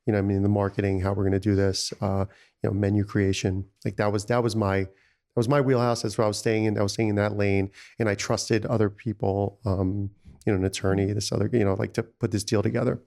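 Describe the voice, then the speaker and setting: A man's voice: lowish voice, flat delivery, fast talker, vocal fry, darkish tone. A man, a restaurant founder telling stories in a casual interview, rambling with many "you know"s. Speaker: restaurant founder, podcast guest.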